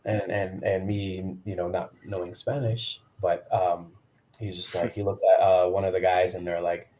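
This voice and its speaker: A man's voice: sits low, little pitch movement, moderate pace, warm tone. A man in his thirties, a wrestler guest, chatting casually on a video call and acting out quotes in shifting voices. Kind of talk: casual storytelling chat.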